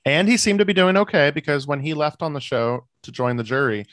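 A man co-hosting a podcast, recapping a reality show in relaxed, rambling casual chat full of fillers. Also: a little high, brisk, no room sound, clean studio sound. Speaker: podcast co-host.

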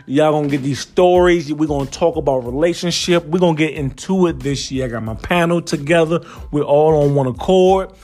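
Man, story time host, comedic monologue, profane, slangy, animated, somewhat high voice. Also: a little fast, hardly any pauses.

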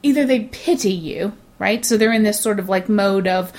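A woman's voice: mid-range voice, moderate pace, hardly any pauses, a little mellow. A woman co-hosting a casual chat, talking in an opinionated way and mimicking others in quoted voices. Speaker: co-host.

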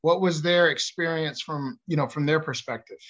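Encouraging male host, slightly high voice. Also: normal speed, fairly bright tone. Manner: probing, encouraging. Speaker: podcast host. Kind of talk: interview questions. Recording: dull lo-fi podcast audio.

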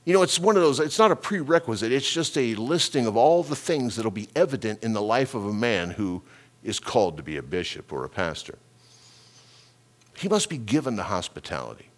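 A middle-aged man preaches to a congregation, weaving a personal story into his sermon. His voice rises and falls across a wide, lively range. He stumbles over repeated words and acts out sounds. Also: medium pitch, a little fast. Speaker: pastor.

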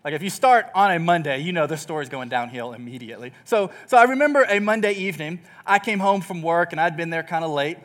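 Man, young, from Texas, high-pitched, preacher, jokey storytelling sermon. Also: expressive, fast talker, hardly any pauses, a bit bright. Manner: storytelling, jokey, self-deprecating.

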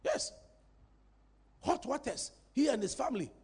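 High-voiced man preaching. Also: measured pace, slightly rough. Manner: animated, playful, calls for congregation response. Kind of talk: sermon.

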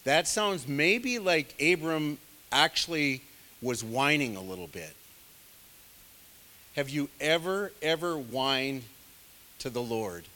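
Male pastor, slightly high bright voice, chatty sermon with frequent asides. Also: lively intonation, slow, long pauses. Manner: conversational preaching with many asides.

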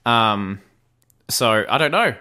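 A man's voice: mid-range voice, animated, slow, sharp tone. A man co-hosting a podcast, easygoing and agreeable in casual chat. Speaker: podcast co-host.

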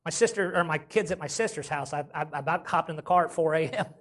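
A man's voice: a little high, quick pace, a bit bright. A man preaching a sermon as pastor, with folksy casual grammar and frequent calls of "amen?".

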